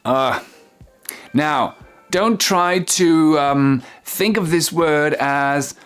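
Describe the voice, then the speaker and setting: A teacher with a French accent giving a casual online pronunciation lesson, slowly repeating words with fillers. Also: mid-range voice, clean tone, faint music behind. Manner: slow, repeats model words, many fillers.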